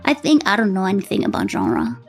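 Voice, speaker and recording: A woman's voice: medium pitch, wildly swooping pitch, a little fast. A woman with a French accent chatting casually with her live-stream chat, giggling often as she reads and answers messages. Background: faint background music.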